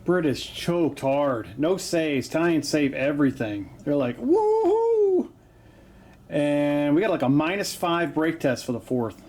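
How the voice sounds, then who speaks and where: Speaking at normal speed with hardly any pauses, a man with a slightly high, a little mellow voice hosts a tabletop wargame battle report in his home basement. He calls the dice rolls in a chatty, jokey style, saying "uh" often.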